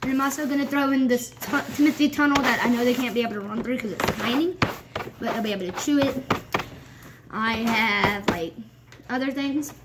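While she cleans a rabbit cage at home, a young woman rambles through a laid-back vlog and scolds her pets in jest. She talks a little fast with a fairly high pitch, against loud background noise.

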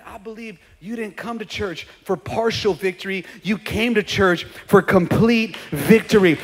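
A man with a high voice preaches a sermon in a church. He drops to quiet, chatty asides and acts out comic churchgoers, then builds up to shouted, rousing preaching. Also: expressive, measured pace, hardly any pauses, big-room sound, a faint crowd, slight background noise. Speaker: pastor. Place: church sanctuary.

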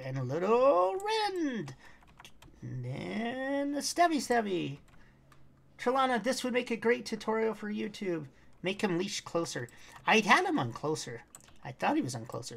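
With a lowish voice, big pitch swings, and vocal fry at normal speed, this woman plays through a game on stream. She's chatty with both chat and her in-game pet, breaking now and then into humming or bits of song.

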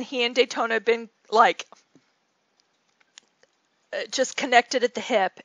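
A rambling, chatty woman tells a story and explains her craft steps in a casual way. Her voice sits a little higher than most, and the recording is close and dry with no room sound. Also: fairly bright tone, no room sound. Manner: chatty, rambling, with many fillers and restarts. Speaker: scrapbooking channel host.

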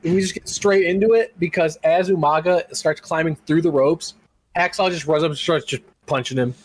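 A man's voice: fairly high pitch, moderate pace, breathy edge, no echo, low-quality recording. A man co-hosting a casual podcast, animatedly retelling a wrestling show and often laughing. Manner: animated storyteller, laughs often, shouts impressions. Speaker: podcast co-host recapping wrestling.

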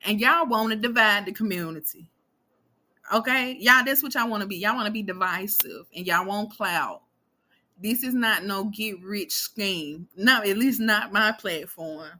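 A woman's voice: mid-range voice, unhurried, sharp tone. A woman in her twenties hosting a podcast, talking straight to her listeners in a blunt, profane, emphatic monologue. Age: 20s. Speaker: podcast host.

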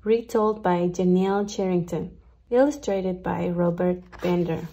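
A woman reading a children's picture book aloud in a slow, clear storytelling voice. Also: fairly low pitch, dark tone, dull audio, a little hiss or hum.

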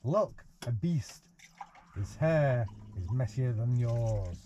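A man's voice: mid-range voice, animated, slow, dark tone, a little hiss or hum. A man reads a picture book aloud to a baby in a caravan, breaking off for playful, teasing asides. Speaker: parent reading to a baby. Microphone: 360 VR camera.

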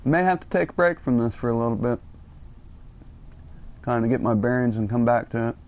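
A man's voice: medium pitch, lively intonation, brisk, highs cut off. A man giving jokey, rambling commentary while playing a video game, cursing often and drifting into absurd tangents. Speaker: let's play gamer.

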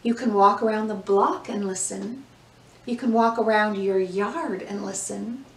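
A woman reading a picture book aloud to young children, slow and gentle, acting out the sounds, then leading breathing and movement. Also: mid-range voice. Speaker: children's yoga and mindfulness teacher. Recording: echoey room, mic at a distance, soft music.

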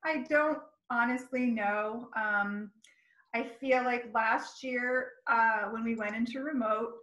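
A woman's voice: a little high, fairly even intonation, takes it slowly, sharp tone, echoey room, low-quality recording. A woman school counselor talking casually about her work in an interview, friendly and chatty. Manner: friendly, chatty, laughs easily.

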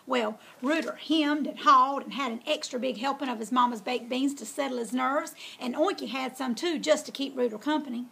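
A woman's voice: high voice, normal speed, creaky, few pauses, fairly bright tone, husky. A woman reading a children's story aloud in a folksy, drawling way.

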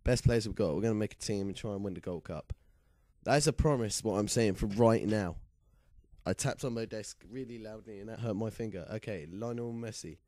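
A young man hosting casual gameplay commentary with a lingering cough, chatty and quick to get excited. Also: on the low side, no echo, clean studio sound. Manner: chatty, excitable when reacting. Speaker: gaming channel host.

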